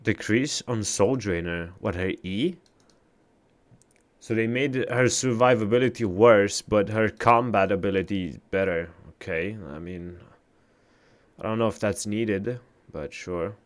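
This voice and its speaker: A man streaming a game live, chatting casually with his chat, swearing often and reacting loudly to what he reads. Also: fairly low pitch, measured pace.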